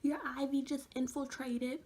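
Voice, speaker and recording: A woman voicing a female hospital nurse who calmly reassures a frightened patient. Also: sits high, a little slow, pitched above the performer's own voice. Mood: soothing.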